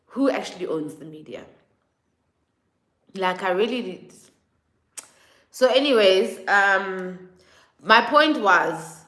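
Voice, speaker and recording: A South African woman vlogging a casual opinion monologue, animated and mimicking others in exaggerated quotes. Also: mid-range voice. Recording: echoey room.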